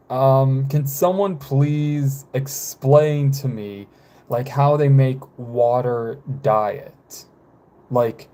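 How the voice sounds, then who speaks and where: A man in his twenties, chatting casually on a live stream, rambling with frequent fillers and halting pauses. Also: medium pitch, dark tone. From United States. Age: 20s.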